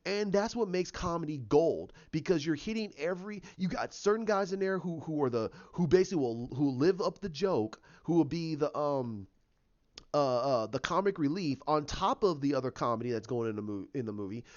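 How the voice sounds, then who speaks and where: Male vlogger, fairly high voice, opinionated rant, dull lo-fi sound. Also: lively intonation, moderate pace, darkish tone. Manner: opinionated, ranting. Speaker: YouTuber. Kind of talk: casual opinion vlog. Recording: dull lo-fi recording.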